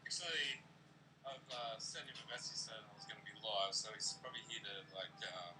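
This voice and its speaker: A man's voice: on the low side, animated, a little fast, music in the background, rough recording. A man co-hosting a casual crypto livestream, joking and teasing. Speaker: co-host. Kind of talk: casual chat.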